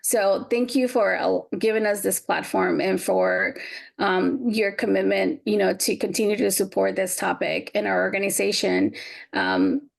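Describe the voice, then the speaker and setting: A woman's voice: medium pitch, a little slow, vocal fry. A woman from Mexico, a guest on an interview podcast, speaking earnestly and resolutely. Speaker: guest, veterans' advocate.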